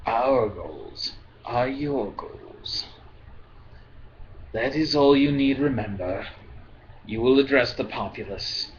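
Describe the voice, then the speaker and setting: A man reading aloud, voicing a cold, patient, skeletal alien manipulator in a quiet, slow, measured voice. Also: mid-range voice, dull audio, slight background noise, natural voice. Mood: calm.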